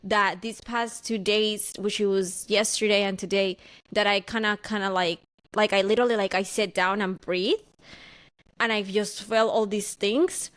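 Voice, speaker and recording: A woman's voice: mid-range voice, fairly even intonation, normal speed, fairly bright tone. Young woman co-host, mid-range voice, candid and rambling, second-guessing herself as she talks. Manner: candid, rambling and self-questioning. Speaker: podcast co-host. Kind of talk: casual chat.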